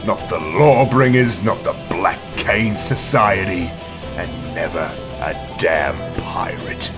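A man's voice: deep voice, slow pace, over music, voice pushed down. Man doing a boastful pirate captain. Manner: grandiose boasting.

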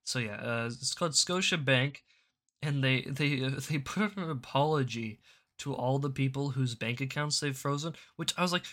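A man's voice: medium pitch, normal speed, pushed and bright. A man hosting a casual political commentary show, rambling and stammering, often repeating words. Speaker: show host.

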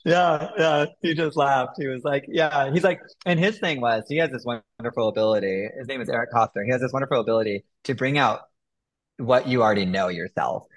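A man's voice: medium pitch, brisk. A man being interviewed about writing his first book, telling the story with frequent laughter. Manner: laughs often, animated storytelling. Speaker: author guest. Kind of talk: casual interview conversation.

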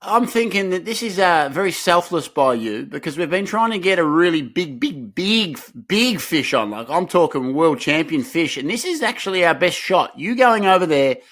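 Laid-back Australian podcast co-host. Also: male voice, on the high side, sing-song, normal speed, few pauses, fairly bright tone. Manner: laid-back banter with rambling restarts. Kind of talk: casual comedic podcast chat.

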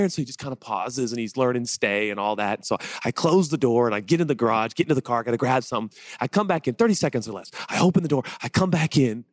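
Speaking in a mid-range voice, this male pastor preaches in a chatty, animated style, weaving in personal stories. His sermon builds toward excited rhetorical questions, and the recording is dry.

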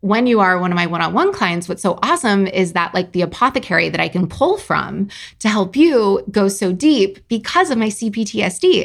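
A woman's voice: mid-range voice, gravelly. A woman in her thirties hosting a solo podcast as a coach, talking candidly with profanity and self-mocking asides. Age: 30s. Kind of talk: casual solo podcast monologue.

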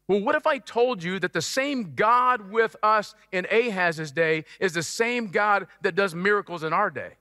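A man preaching a sermon in an animated, emphatic, joking way with sudden loud stresses. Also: high voice, no room sound, studio quality, long reverb tail. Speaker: pastor.

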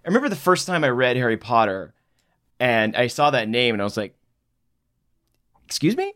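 A man's voice: mid-range voice, lively intonation, fast talker, fairly bright tone, smooth. A man co-hosting a podcast in casual comedic chat, rambling and laughing between jokes. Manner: rambling, laughing, self-interrupting. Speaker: podcast co-host.

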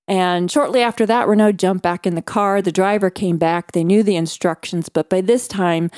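A woman guest on a faith podcast, earnestly telling a personal story with measured pauses. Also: medium pitch, steady tone, darkish tone, dry recording, studio quality. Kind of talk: storytelling interview.

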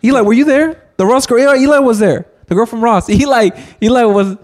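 A man's voice: very high voice, brisk, a little mellow. A young man from Texas telling a rambling, restart-filled story in casual podcast chat, peppering it with "dude". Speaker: podcast co-host.

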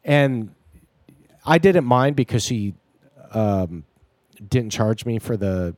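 Man, relaxed conversational guest, halting delivery with restarts, dry sound. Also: medium pitch, no echo. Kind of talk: casual chat.

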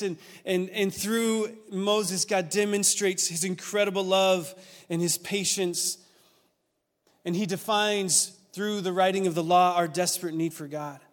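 A man with a fairly high voice preaches a sermon to his church. He tells stories in an animated way that keeps building with excitement, and his words ring out with a long reverb from the hall. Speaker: pastor.

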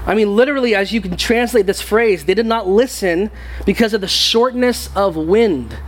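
A man's voice: high-pitched, normal speed. A man preaching a sermon to his church in a conversational way, often repeating words as he goes. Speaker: pastor. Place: church sanctuary.

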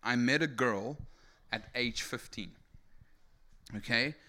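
Young man from South Africa, testimony sermon, bright forceful voice, keeps checking in with the crowd. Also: medium pitch, slow pace. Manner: energetic storytelling with many rhetorical "right?" tags. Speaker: speaker giving testimony. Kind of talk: sermon testimony to a live audience.

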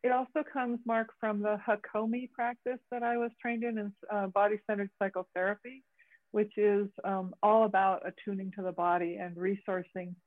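A woman facilitator teaching a group over a video call, talking haltingly with many fillers and restarts. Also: medium pitch, level tone, dry recording. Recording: tinny phone-like call audio, dry.

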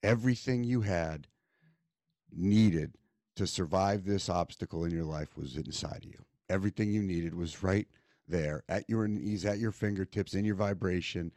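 A man hosting a podcast, responding to his guest in an earnest, emotional, measured way. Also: sits low, a little mellow, dry recording, clean studio sound. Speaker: podcast host. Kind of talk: reflective interview talk.

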